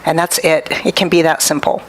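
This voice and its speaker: A woman's voice: brisk, low-quality recording. A middle-aged woman, a talk show guest, sharing personal stories candidly and acting out quotes in a raised voice. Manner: animated storytelling, acts out quotes in a higher voice. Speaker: guest, workshop leader.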